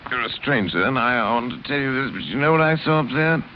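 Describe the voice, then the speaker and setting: An actor playing a drunken upper-class English gentleman who rambles in a slurred, singsong way, in a 1930s radio drama. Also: medium pitch, expressive, a little fast, slight background noise, lightly acted. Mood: drunken confiding. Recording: muffled old radio rehearsal tape.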